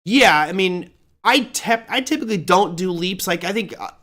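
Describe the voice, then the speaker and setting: A man's voice: high voice, animated, moderate pace, sharp tone. A man hosting a live trading show, chatting casually as he answers viewer questions off the cuff.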